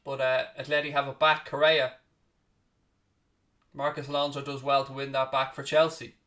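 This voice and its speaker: A mid-range voice, pushed and bright yet level in tone, comes from a man far from the mic. As host of a live football watchalong, he names every pass in rapid play-by-play while swearing freely and snapping bluntly at chat.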